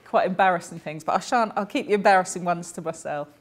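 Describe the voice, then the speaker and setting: A woman's voice: on the low side, fast. A woman, voicing a deaf speaker's personal stories aloud in a chatty, anecdotal way, with small self-corrections along the way.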